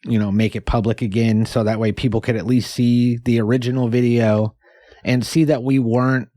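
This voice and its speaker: A man with a mid-range voice co-hosts a comedy podcast, delivering jokes deadpan with loose, rambling asides. The recording is close and dry, with no room sound. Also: mid-range voice, moderate pace, dry recording. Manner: deadpan joking, rambling with fillers. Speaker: podcast co-host. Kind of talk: casual comedy chat.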